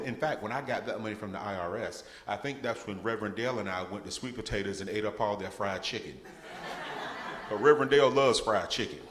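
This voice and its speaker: Male guest speaker, animated humorous testimony, somewhat low voice, echoey church hall. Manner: animated, humorous storytelling with laughter. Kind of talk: testimony talk in a church service. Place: church sanctuary.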